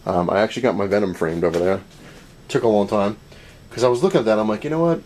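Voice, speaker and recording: A man casually telling a long story about a comic convention, animated and rambling, often acting out what people said to him, with laughs along the way. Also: fairly low pitch, quick pace, slight background noise. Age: adult, married. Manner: rambling, animated retelling with many "he's like" quotes and laughs. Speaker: comic collector vlogger. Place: home room full of comic collectibles.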